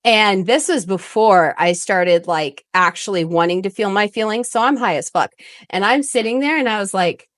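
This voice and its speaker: A woman guest on a podcast, a relationship coach, telling stories in a blunt, profane and animated way. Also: mid-range voice, moderate pace, no room sound, studio quality. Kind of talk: casual podcast storytelling.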